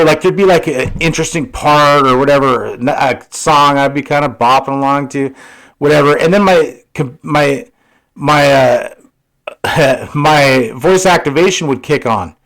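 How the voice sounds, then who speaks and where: A man's voice: fairly high pitch, measured pace, fairly bright tone, poor audio. Rambling, cussing podcast guy. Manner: rambling, profane, filler-heavy. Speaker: podcast co-host. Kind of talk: casual chat.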